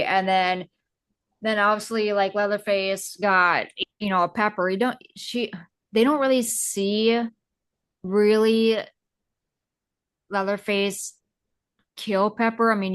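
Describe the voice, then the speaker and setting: A young woman co-hosting a horror movie podcast, with a voice of ordinary middle pitch. She recaps scenes haltingly, restarting sentences and leaning on filler words as she goes. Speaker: podcast co-host. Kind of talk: casual movie recap chat.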